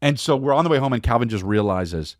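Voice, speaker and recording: A man's voice: medium pitch, lively intonation, fast talker, dry recording, studio quality. A man hosting a podcast, telling a casual comic story in a rambling way with stammered restarts and crude words. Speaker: podcast host.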